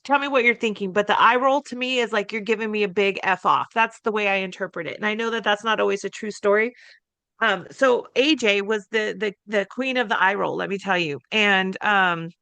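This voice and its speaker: A middle-aged woman co-hosting a podcast, telling a family story in an expressive, emphatic way and laughing easily. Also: mid-range voice, fairly quick, smooth, no room sound. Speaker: podcast co-host. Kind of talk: casual conversational podcast talk.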